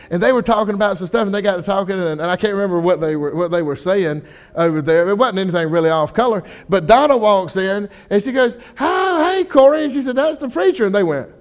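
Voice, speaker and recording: Young pastor preaching a folksy sermon. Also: male voice, high-pitched, brisk. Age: young adult. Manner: folksy storytelling, animated quoted voices.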